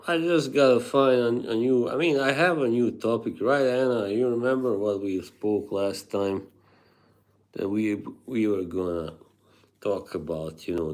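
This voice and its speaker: Laid-back guy streaming live, lowish voice, talks slow, laughs a lot and reads chat out loud. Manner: laughs often, rambling, reads chat aloud.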